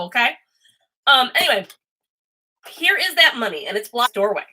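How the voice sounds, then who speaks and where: Chatty woman doing a tarot livestream, bright voice, rambles off topic, swears a lot. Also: mid-range voice, lively intonation, unhurried, long pauses, low-quality recording. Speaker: host and tarot reader. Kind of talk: casual livestream chat.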